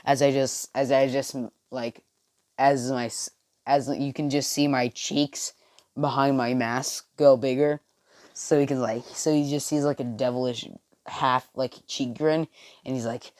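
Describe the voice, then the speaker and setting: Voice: medium pitch, steady tone, a little slow, darkish tone, dry recording. Rambling casual storyteller, dry close sound. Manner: rambling, many fillers and restarts. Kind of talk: casual improvised fan-story narration.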